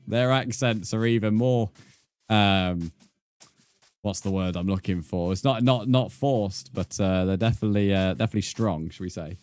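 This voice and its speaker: A man's voice: lowish voice, moderate pace, darkish tone, no room sound. A British man chatting casually on a live game stream, easygoing, with lots of fillers as he reads out the chat. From United Kingdom.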